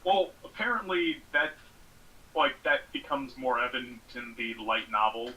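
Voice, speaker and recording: A man's voice: medium pitch, steady tone, measured pace, sharp tone, poor audio. A man in casual podcast chat, speaking hesitantly with frequent fillers. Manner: hesitant, full of fillers and restarts. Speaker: podcast guest.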